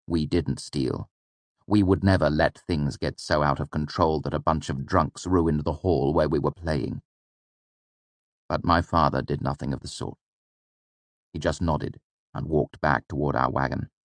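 Deep-voiced male audiobook narrator. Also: dry recording. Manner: measured, reflective storytelling. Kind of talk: first-person audiobook narration.

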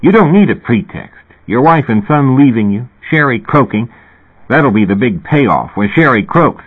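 A man voicing a loud, bullying male therapist who yells and hectors. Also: mid-range voice, very animated, moderate pace, slightly rough. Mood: hectoring. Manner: yelling, hectoring. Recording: tinny phone-like recording.

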